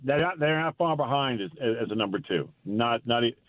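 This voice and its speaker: Animated man on a tinny phone line. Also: mid-range voice, fairly quick, no echo. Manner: animated, emphatic, folksy, stumbles and repeats words. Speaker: college football reporter, guest. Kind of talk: casual sports radio chat. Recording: phone-line call-in audio.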